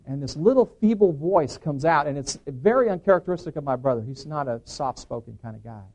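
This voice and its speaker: A middle-aged man with a slightly high voice tells his personal testimony to an audience. He talks like an earnest storyteller and acts out the voices of the people in his story. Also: animated, brisk, a little mellow. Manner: earnest storyteller who acts out the dialogue he quotes. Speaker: preacher giving a personal testimony.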